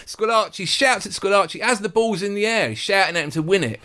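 Fast-talking man telling football stories. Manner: animated storyteller, jumps up in pitch for quotes. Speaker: football podcast host. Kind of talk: casual chat.

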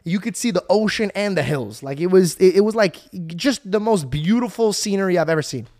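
Telling a story on his podcast, this young host speaks briskly in a high-sitting voice, casual and excitable. He swears freely and does voices for everyone he quotes.

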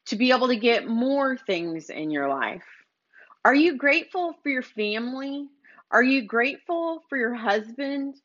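A woman's voice: a little high, a bit bright. A woman hosting a podcast, giving an earnest motivational monologue and speaking straight to her listeners. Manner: earnest, exhorting, direct address to listeners. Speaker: podcast host. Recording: dull lo-fi recording.

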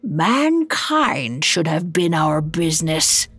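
A woman's voice: on the low side, lively intonation, gravelly, dry recording, heavily acted. Woman putting on a grim old chained ghost. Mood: angry. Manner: grim, growling, slow.

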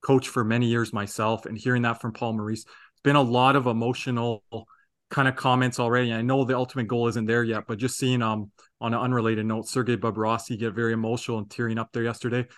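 A man's voice: medium pitch, level tone, fast talker, fairly bright tone. A man co-hosting a fan podcast in casual sports chat, talking in a rambling, earnest way. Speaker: podcast co-host.

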